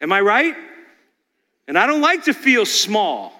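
A man's voice: sits high, very animated, measured pace, bright, forceful tone. A man preaching a dramatic sermon, asking the congregation rhetorical questions. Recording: long hall reverb.

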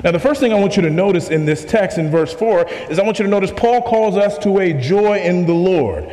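A man's voice: high voice, expressive, a little fast, warm tone, long reverb tail. A pastor preaching a sermon to his congregation, emphatic, repeating key questions and asking the room to respond.

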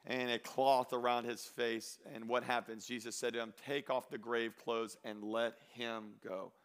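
A man preaching a sermon, moving between loud exhortation and quiet storytelling, drawing out key phrases slowly. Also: mid-range voice, level tone, clean tone. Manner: slows down and stretches phrases for emphasis. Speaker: pastor.

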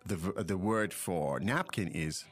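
A man's voice: deep voice, a little slow, soft background music. A man who is a native English speaker, hosting a language podcast and explaining phrases in a casual, chatty way. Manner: chatty, explanatory, prompts co-host. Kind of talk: casual teaching chat.

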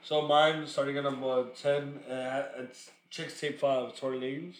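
A man on a casual podcast, calmly running through his ranked list. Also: mid-range voice, measured pace, echoey room. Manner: reading off a list, easygoing. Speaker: podcast co-host. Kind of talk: casual chat.

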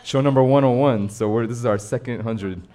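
A man hosting a live radio show from a bar storefront, talking in a relaxed, casual way and affirming his guest often. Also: mid-range voice, brisk. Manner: laid-back, affirming with frequent backchannels.

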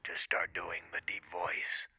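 A man doing an impression of a gruff action-movie tough guy, delivering deadpan threats. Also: deep voice, exaggerated voice, poor audio. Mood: smug. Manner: menacing, slow, deadpan threats.

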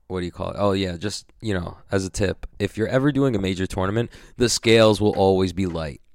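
Deep, gravelly young man, profane and rambling. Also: dry recording, clean studio sound. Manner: profane, rambling, full of likes and fillers. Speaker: grappling competitor. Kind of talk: casual vlog recap.

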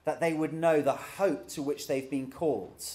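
A man's voice: a little high, steady tone, moderate pace, mellow. A middle-aged man preaching a sermon in a conversational way, with dry humor.

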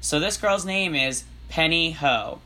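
A man's voice: a little high, unhurried, bright, forceful tone. A man co-hosting a comedy podcast, rambling and joking with some swearing, and reading fan fiction aloud in a mock-serious narrator voice. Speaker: podcast co-host.

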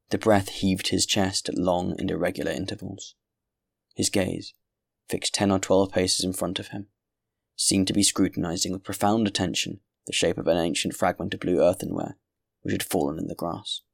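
A man narrating a classic novel in a measured, grave reading voice. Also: deep voice, steady tone, gravelly, no echo, studio quality. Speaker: audiobook narrator. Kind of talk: scripted narration.

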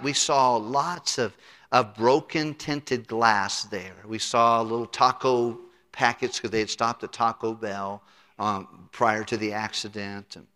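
A man's voice: medium pitch, sharp tone. A middle-aged man preaching an expository sermon from a pulpit in a church, earnest, repeating words as he goes. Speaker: pastor. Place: church sanctuary. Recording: long church hall reverb.

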